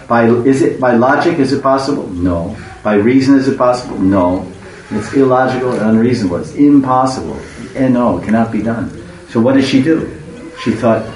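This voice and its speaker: A man's voice: mid-range voice, animated, normal speed, darkish tone. A man telling a devotional story in a rambling way, restarting often and stopping to explain words. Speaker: religious storyteller. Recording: echoey room, far from the mic, faint hiss.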